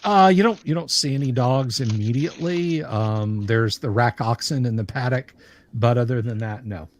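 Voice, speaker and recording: A man running a tabletop game as game master, narrating in a halting way with many restarts. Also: medium pitch, muffled recording, a little hiss or hum.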